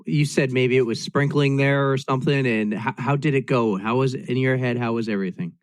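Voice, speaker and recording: A man's voice: medium pitch, fairly quick, no room sound. A man interviewing a runner casually, friendly and asking questions.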